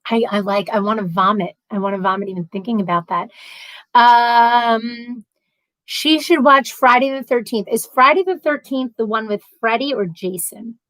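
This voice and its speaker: A middle-aged woman hosts a casual livestream, chatting animatedly as she reads out viewer comments. Her voice sits on the higher side, and the sound is dry and close with little room echo. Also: normal speed. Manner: chatty and animated, laughs often.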